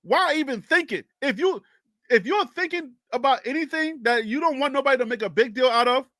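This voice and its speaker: A young man from Liberia hosts a casual sports talk stream, his voice high and sharp with a dry, close sound. He argues his case with animated energy, laughing often as he challenges listeners to debate him. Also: brisk, no echo. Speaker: sports talk show host.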